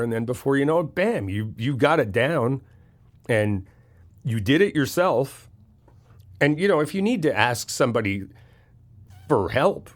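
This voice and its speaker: A man in a comfort audio role-play, talking as a best friend who gives casual, frank reassurance and swears freely. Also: on the low side.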